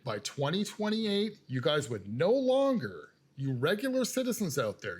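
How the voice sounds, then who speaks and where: A man's voice: mid-range voice, husky. A man delivering a political monologue rant as a commentator, lecturing emphatically and hammering his points with repetition, speaking straight to his viewers.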